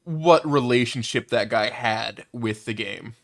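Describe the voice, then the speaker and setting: A man's voice: mid-range voice, measured pace. A young man chatting casually as a co-host, joking and self-deprecating. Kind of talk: casual chat.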